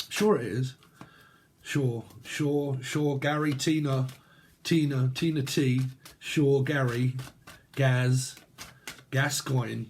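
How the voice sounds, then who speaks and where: A man's voice: mid-range voice, slight background noise. A man from Britain giving a rambling, free-associating tarot reading, joking crudely and laughing as he goes. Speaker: tarot reader. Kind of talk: casual spoken tarot reading.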